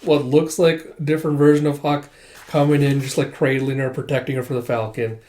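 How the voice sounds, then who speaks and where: A man's voice: medium pitch, little pitch movement, brisk, darkish tone. A man casually recapping and reading a manga aloud, with a lot of filler in his narration. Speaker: manga reader. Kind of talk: casual read-along recap. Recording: roomy echo.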